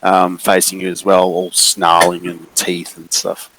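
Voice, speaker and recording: A man narrating as game master of a tabletop game, slow and hesitant with many fillers. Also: low-pitched, completely flat delivery, background noise. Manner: slow and hesitant, many ums and sort ofs.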